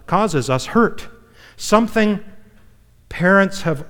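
A man preaching a sermon as a pastor, in a conversational style, often turning to the listeners with "my friends" and "okay?". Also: on the high side. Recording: long hall reverb.

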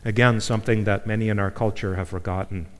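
A man's voice: lowish voice, steady tone, quick pace. A man preaching a sermon as a pastor, in a conversational style, often turning to the listeners with "my friends" and "okay?". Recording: long hall reverb.

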